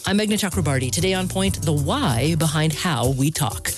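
A woman talk show host delivering a scripted show opening, posing questions with lively energy. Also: low-pitched, moderate pace. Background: music.

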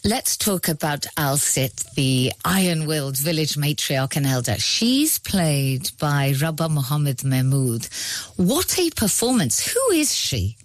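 A woman interviewer with a lowish, very lively voice asks articulate, prepared questions. Her voice sounds dry and close, with almost no room echo. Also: a little slow.

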